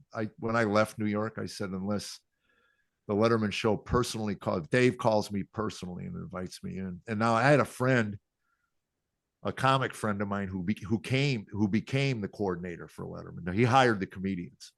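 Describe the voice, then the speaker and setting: A man's voice: low-pitched, gravelly, dry recording. An older man, a comedian, telling self-deprecating stories in a podcast interview. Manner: self-deprecating, quotes people in acted voices. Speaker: comedian guest.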